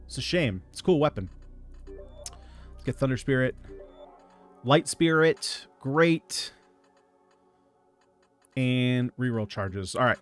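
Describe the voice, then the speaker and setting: A man giving casual gameplay commentary, reading out item picks in a relaxed running patter. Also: medium pitch. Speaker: gaming video creator.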